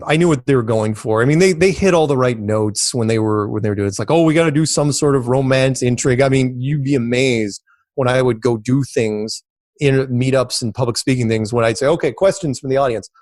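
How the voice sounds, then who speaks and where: A man's voice: mid-range voice, normal speed, dry recording, clean studio sound. A man telling stories as an interview guest, rambling and repeating himself, acting out what others said. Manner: rambling, repeats words, animated quoting of others. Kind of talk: casual storytelling in an interview.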